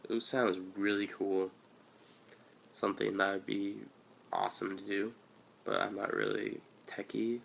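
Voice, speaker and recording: A man's voice: fairly low pitch, animated, measured pace, vocal fry, long pauses, a bit bright, a little hiss or hum. An eighteen-year-old man from Washington State telling a story in a casual, rambling, offhand way for his video channel. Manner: rambling and offhand, with loose slangy asides. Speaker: vlogger. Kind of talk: casual first-person storytelling. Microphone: handheld camera or phone.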